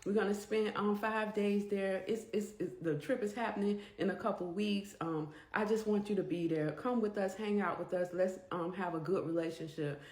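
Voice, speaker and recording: A woman's voice: mid-range voice, fairly even intonation, normal speed, few pauses, darkish tone, close to an everyday voice. Brief: a sly former bully, now a sister-in-law, played by a woman storyteller, pushy and coaxing, in an echoey room.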